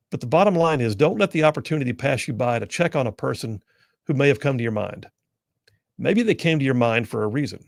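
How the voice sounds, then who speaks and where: Gravelly man telling a radio monologue. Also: medium pitch, no echo, clean studio sound. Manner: earnest, conversational storyteller. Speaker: radio talk show host. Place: radio studio.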